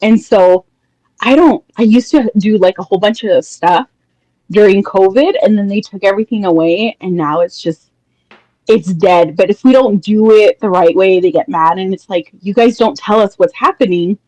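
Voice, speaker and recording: A woman's voice: medium pitch, normal speed, dry recording, low-quality recording. A woman calling in to a podcast, animatedly telling a workplace story and acting out coworkers' lines. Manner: animated, quotes people with mock voices. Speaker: caller. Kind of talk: casual storytelling.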